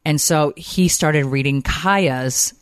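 A woman in her forties hosting a family podcast, telling stories animatedly and jumping high when she quotes her kids. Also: slow, dry recording, studio quality. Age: 40s. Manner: animated storyteller, acts out quotes in high pitch. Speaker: podcast host. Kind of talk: casual family podcast chat.

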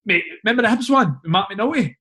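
A Scottish man with a fairly high voice tells dressing-room stories in a loose, animated way. He talks like a former footballer catching up with a mate, dropping "mate" and "like" into nearly every line. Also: a little fast. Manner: animated anecdotes, frequent "mate" and "like". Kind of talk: casual storytelling chat.

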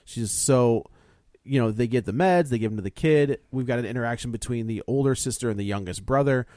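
Animated man recapping a film. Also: mid-range voice, fairly quick, no room sound, clean studio sound. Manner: animated storytelling, acts out reactions. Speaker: podcast co-host. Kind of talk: casual chat, recapping a film.

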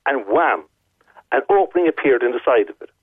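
A man with an Irish accent phones in to a radio program, recounting a long story in rich detail and hammering his points home through repetition. His mid-range voice is animated and brisk, carried over a tinny telephone line with slight background noise.

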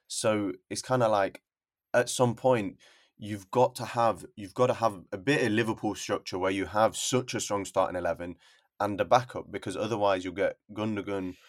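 Low-pitched man explaining his point. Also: steady tone, moderate pace. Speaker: podcast guest. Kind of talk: casual football chat.

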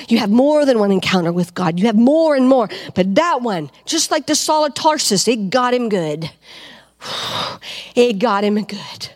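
A woman preaching a fervent sermon to a congregation, asking them questions and rising to loud cries. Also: medium pitch. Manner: asks the crowd questions.

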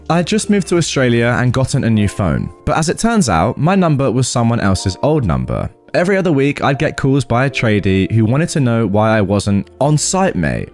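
A male storyteller with a mid-pitched voice that swings widely up and down as he reads. He breaks off into incredulous, animated asides, and soft music plays underneath. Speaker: storytime podcast host. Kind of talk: reading and commenting on online stories.

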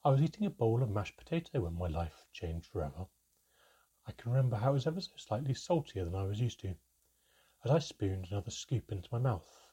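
A man reads a storybook chapter aloud in a low, husky voice. His delivery swings widely in pitch, and his tone is dark and mellow. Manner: expressive, shifts pitch for dialogue. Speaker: narrator. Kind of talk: storybook narration.

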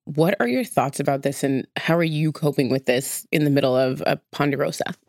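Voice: mid-range voice, a little fast, gravelly, a little mellow, no room sound, clean studio sound. A co-host chatting casually and asking direct questions. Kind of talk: casual chat.

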